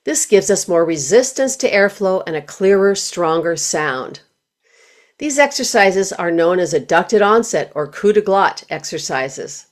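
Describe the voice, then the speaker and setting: A woman voice teacher giving scripted instructional narration, speaking in a clear, measured, explanatory way. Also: on the low side, animated.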